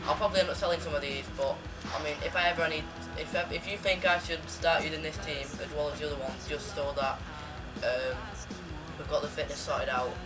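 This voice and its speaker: A young man commentating on his own football video game match, rambling casually and bursting into yells and chants at goals. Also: on the high side, brisk. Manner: excitable, yells and sings at goals. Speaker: gaming YouTuber. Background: loud background music.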